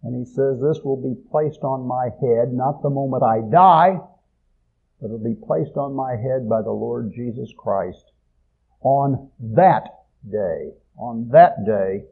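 A man preaching a sermon, swelling loud on key phrases and dropping low at the ends. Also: takes it slowly, gravelly, husky. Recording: tinny phone-like audio.

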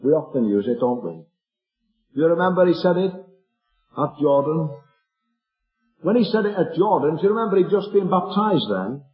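Earnest preacher, tinny echoey recording. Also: male voice, a little high, very animated, moderate pace, pauses often. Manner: earnest, rhetorical questions to the congregation. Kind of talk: sermon.

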